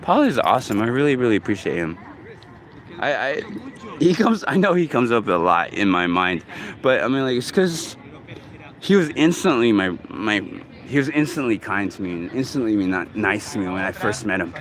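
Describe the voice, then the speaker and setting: A man in his forties talking casually to the camera in a halting, rambling way, full of fillers and restarts. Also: on the low side, big pitch swings, crowd noise. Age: 40s. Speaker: vlogger. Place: outdoors in a city park.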